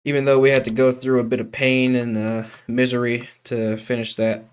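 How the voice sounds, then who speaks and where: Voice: medium pitch, level tone, normal speed, clear, resonant tone. A live streamer chatting casually while working on a 3D model, playful and self-mocking, often repeating a phrase over and over.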